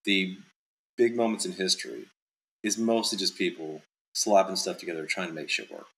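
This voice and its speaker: A man's voice: sits low, moderate pace, creaky, a bit bright, a little hiss or hum, low-quality recording. A male author being interviewed in casual chat, talking in loose, rambling sentences full of "like" and "um". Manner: rambling, heavy with fillers like "like" and "um".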